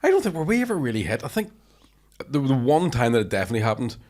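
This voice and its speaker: A man's voice: medium pitch, wildly swooping pitch, rapid-fire, a little mellow. A man, a podcast guest telling childhood stories with lots of swearing. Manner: storytelling, swears freely, says "aye" a lot. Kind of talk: casual podcast chat.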